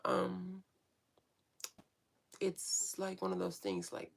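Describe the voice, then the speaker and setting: A woman's voice: fairly low pitch, big pitch swings, very slow, gravelly. A woman vlogger talking frankly in a casual, rambling monologue, swearing freely and restarting often.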